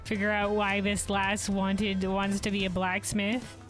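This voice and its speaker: A woman's voice: medium pitch, completely flat delivery, unhurried, soft background music. A woman game streamer chatting casually over gameplay, laughing often and swearing freely.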